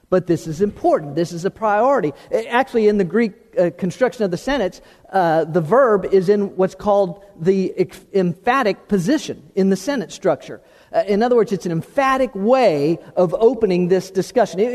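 A man preaching a sermon, emphatic, often restarting words and slowing down on key terms. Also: sits high, darkish tone. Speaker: pastor. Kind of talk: sermon with opening prayer. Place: church sanctuary. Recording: long hall reverb.

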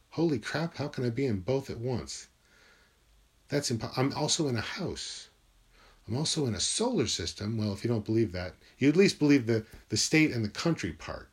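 A man's voice: mid-range voice, slightly rough. A man talking alone in his room in a rambling, musing monologue, swearing freely as he goes. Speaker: vlogger.

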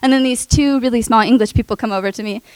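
A young adult woman telling a personal testimony in an earnest, emotional way, with many fillers and soft laughs. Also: a little high, fast, clear, resonant tone, no room sound, poor audio. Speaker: speaker sharing a testimony.

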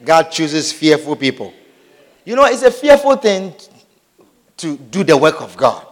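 A man preaching a sermon in a lively, humorous way, acting out little scenes, repeating phrases and often asking whether his listeners understand. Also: fairly high pitch, a little slow. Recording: long hall reverb.

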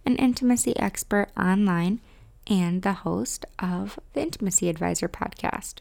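A woman's voice: medium pitch, normal speed, gravelly, darkish tone. A young woman in her twenties with a Midwestern accent, hosting a podcast and chatting frankly with lots of "like" fillers. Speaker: podcast host and romance specialist. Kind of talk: casual podcast monologue.

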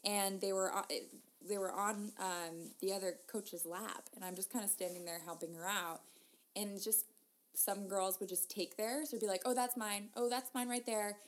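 A woman's voice: medium pitch, steady tone, normal speed. A woman who teaches and coaches cross-country, telling chatty, playful stories in a casual conversation. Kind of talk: casual chat.

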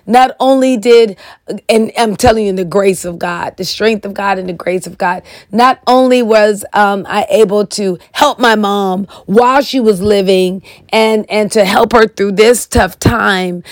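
A woman's voice: a little high, no echo, studio quality. A woman in her fifties hosting her own devotional podcast, speaking in an earnest, emphatic way and repeating phrases for emphasis. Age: 50s. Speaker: podcast host. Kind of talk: personal devotional podcast talk.

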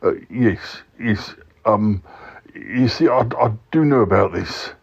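A man's voice: on the low side, slow pace, vocal fry, husky, exaggerated voice. A man voicing a timid, fussy yeti uncle who stammers and dithers through every sentence. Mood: hesitant. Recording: dull lo-fi recording.

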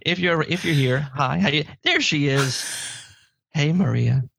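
A man hosting a podcast in casual chat, lively and talkative, with sudden jumps in pitch. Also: a little slow, vocal fry, slightly rough, dry recording. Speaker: podcast host. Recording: dry, slightly dull lo-fi audio.

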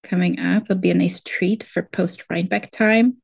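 A woman's voice: lowish voice, fairly even intonation, moderate pace, vocal fry, slightly rough, dry recording. A young woman from the Lake Tahoe area, co-hosting a podcast in a bubbly, chatty way with lots of "like" fillers. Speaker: podcast co-host. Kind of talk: casual chat.

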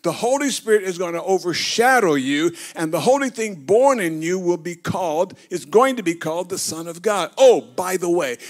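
A man preaching a sermon as bishop. He tells the scripture as a story, acting it out and leading the congregation in call and response. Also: high voice.

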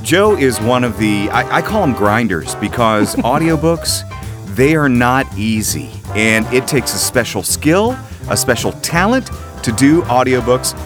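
Excitable jokey male podcast host. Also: medium pitch, measured pace, hardly any pauses, over music. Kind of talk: casual chat.

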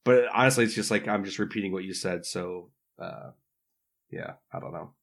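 A man's voice: deep voice, normal speed, gravelly. A man co-hosting a podcast who talks casually and keeps slipping into impressions of others. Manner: chatty, slips into impressions. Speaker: podcast co-host. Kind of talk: casual chat.

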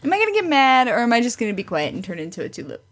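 A woman's voice: fairly high pitch, huge pitch swings, racing. A woman co-hosting a casual podcast about reality TV, with a wry, joking and teasing manner. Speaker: podcast co-host. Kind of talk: casual reality-TV recap chat.

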